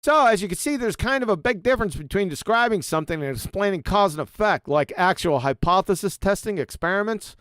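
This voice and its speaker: A man's voice: high-pitched, animated, fairly quick, few pauses, fairly bright tone, clear, resonant tone, no room sound, clean studio sound. A middle-aged man hosting a livestream, lecturing sarcastically and firing off rhetorical questions. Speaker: show host. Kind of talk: lecture-style livestream monologue.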